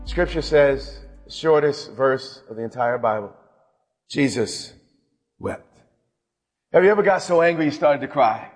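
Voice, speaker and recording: Male pastor, impassioned sermon, dramatic pauses, long hall reverb. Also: on the high side, expressive, faint music behind. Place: church sanctuary.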